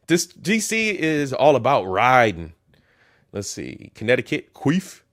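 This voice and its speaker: A man's voice: mid-range voice, sing-song, unhurried. A man hosting a casual reaction commentary, mocking and profane as he reads through a list. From Ohio. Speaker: commentary host.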